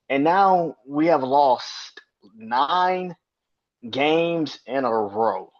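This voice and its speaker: A man's voice: medium pitch, muffled recording. A man hosting a casual sports podcast, ranting in an exasperated, profane and repetitive way. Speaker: podcast host.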